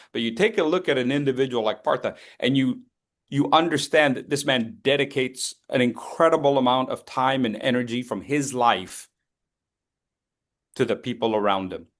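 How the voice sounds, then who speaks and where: A man's voice: mid-range voice, normal speed, fairly bright tone. Emphatic man giving a motivational talk. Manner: emphatic, repeats key phrases, rhetorical questions. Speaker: education session speaker.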